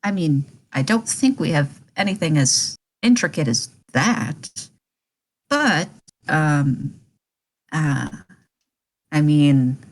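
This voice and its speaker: A woman's voice: sits low, lively intonation, heavily acted. A woman doing a hesitant store clerk. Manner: halting, full of ums. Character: hesitant male store employee.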